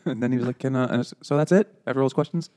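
A man chatting on a podcast, spinning a rambling anecdote and laughing as he acts out the other people in it. He talks quickly, and his voice has a mellow, dark tone. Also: medium pitch. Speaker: podcast co-host. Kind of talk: casual chat, storytelling.

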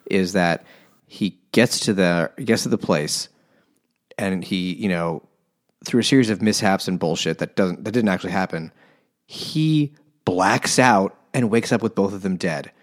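A man with a somewhat low voice, co-hosting a casual, joking book podcast. He sounds exasperated and talks in broken, restarted phrases. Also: measured pace. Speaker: podcast co-host. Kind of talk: casual comedic book chat.

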